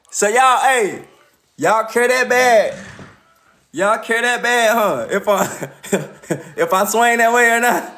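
A man's voice: very high-pitched, slow, pauses often, bright, forceful tone. A man ranting casually on a livestream, profane and laughing often.

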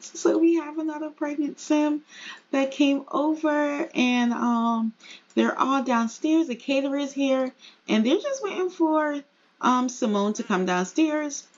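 A woman's voice: high voice, highs cut off. Chatty woman narrating her life-sim game. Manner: chatty, excitable, laughing asides. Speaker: gaming creator. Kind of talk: casual gameplay commentary.

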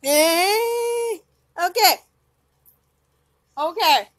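A woman giving live gameplay commentary, excitable, often squealing and laughing. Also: very high-pitched, very slow, no room sound. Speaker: gaming channel host.

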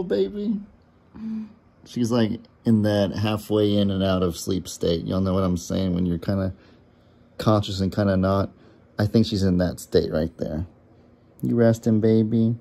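A man's voice: deep voice, vocal fry, warm tone. A man vlogging outdoors on a farm in a casual, chatty way, cooing fondly at the animals in a baby voice. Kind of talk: casual chat to camera.

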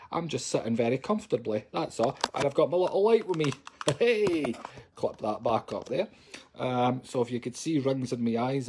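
This psychic medium's voice is mid-range and slightly rough, with a darkish tone. He's at home on the sofa with his phone, casually chatting to live-stream viewers in a cheeky, joking way.

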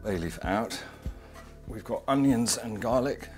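Chatty deep-voiced man cooking. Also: a little slow, loud music behind the voice. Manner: chatty, digressive, enthusiastic. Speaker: cooking show host. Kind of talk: casual cooking demonstration. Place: home kitchen.

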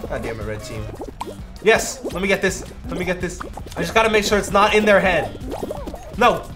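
A young man giving excitable live gameplay commentary, trash-talking and yelling in bursts. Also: sits high, moderate pace. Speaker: gaming YouTuber. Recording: music playing behind.

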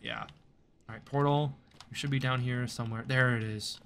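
A man's voice: mid-range voice, fairly even intonation, moderate pace, creaky, fairly bright tone, slight background noise. A man giving chatty, self-mocking commentary while playing a game at his computer desk. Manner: chatty and self-mocking, talks to the game's creatures. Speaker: streamer and gaming video creator. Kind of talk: live gameplay commentary.

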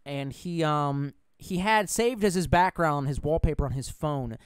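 A man's voice: fairly high pitch, measured pace, clear, resonant tone, no room sound. A man chatting frankly on a live stream, rambling, swearing freely and reading out viewer comments.

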